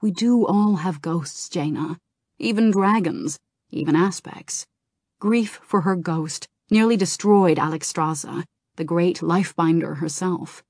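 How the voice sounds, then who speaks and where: A gentle, wise male dragon in human form speaks with compassion, as a woman reader puts him on. The delivery is slow and fairly low, with a dry, close sound. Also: breathy edge, no echo. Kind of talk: audiobook reading.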